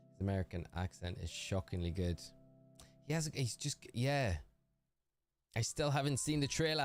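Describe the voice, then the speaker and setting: Chatty northeastern English man, lowish voice. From northeast England. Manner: chatty, laughs often, answers chat by name. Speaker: livestreamer. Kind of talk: casual livestream chat while gaming.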